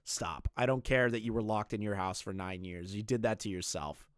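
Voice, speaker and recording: A man's voice: on the low side, moderate pace, no echo, studio quality. A young man streaming live, ranting bluntly with lots of swearing and repeated phrases.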